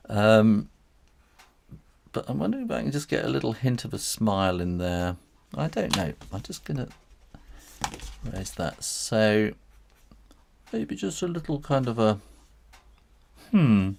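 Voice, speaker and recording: Man, middle-aged, low gravelly voice, lively up-and-down delivery, rambling live drawing tutorial. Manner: rambling, hesitant, chuckling as he draws. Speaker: illustrator and author teaching drawing.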